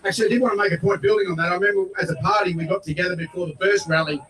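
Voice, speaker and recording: A high-pitched Australian man speaks bluntly and folksily at a rally, driving his points up into shouts. He is middle-aged and talks in a loose, plain way. His voice is caught from a distance. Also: fairly even intonation, very fast. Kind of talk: outdoor rally speech. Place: outdoor rally. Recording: voice picked up from far off.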